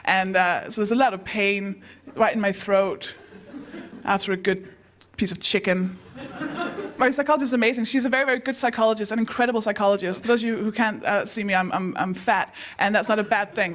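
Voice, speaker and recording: A woman hosting a live comedy night on stage, telling self-deprecating stories in a deadpan way. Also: mid-range voice, a little hiss or hum. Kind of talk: stand-up comedy.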